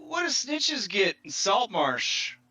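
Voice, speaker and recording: A man's voice: high-pitched, sing-song, slow, bright, forceful tone, breathy edge, voice pushed up, heavily acted. Man doing a crude, bellowing pit-fight crowd-rouser. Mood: taunting.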